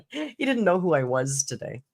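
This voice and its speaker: A woman's voice: low voice, expressive, moderate pace. A woman hosting a casual live-stream chat, telling stories in a chatty way and acting out what others said. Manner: chatty storytelling, frequent laughs, acts out other people's lines. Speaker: YouTube commentary host.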